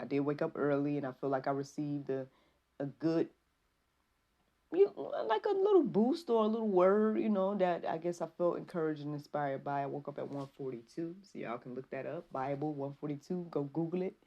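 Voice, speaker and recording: A woman hosting a faith podcast, talking casually and rambling with many fillers, reading Bible verses slowly. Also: deep voice, expressive, dark tone, muffled recording. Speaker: podcast host. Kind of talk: casual devotional talk.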